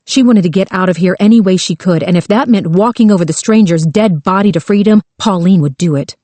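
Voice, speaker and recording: A woman narrating a thriller audiobook with a slow, tense delivery. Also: medium pitch, warm tone, no room sound.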